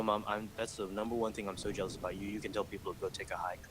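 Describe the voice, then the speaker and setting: A man from Malaysia chats loosely with friends, wandering from story to story. His voice sits low. A steady noise runs under the mic. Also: very fast. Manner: rambling, chatty storyteller. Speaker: call center supervisor. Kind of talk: casual voice chat. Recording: noisy voice-chat mic.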